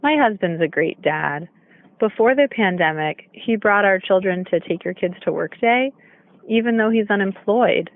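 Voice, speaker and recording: A woman telling jokes about her husband in a flat, deadpan way. Her voice comes through thin and tinny, like a phone line. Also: mid-range voice, moderate pace. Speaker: stand-up comic. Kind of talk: stand-up bit.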